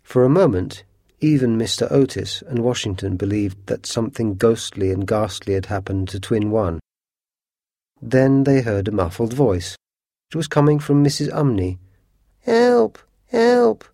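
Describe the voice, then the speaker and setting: A man with a fairly low voice reads a storybook aloud, measured and expressive. The sound is dry and close, with no room around it. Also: no room sound. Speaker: narrator. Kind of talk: storybook narration.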